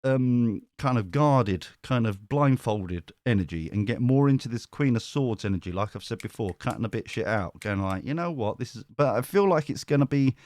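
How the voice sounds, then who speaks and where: A man's voice: medium pitch, expressive, normal speed, hardly any pauses, darkish tone, no room sound. A man with a British accent, giving a chatty live tarot reading. He rambles, gets sidetracked and swears casually. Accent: British English. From Britain. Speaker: tarot reader.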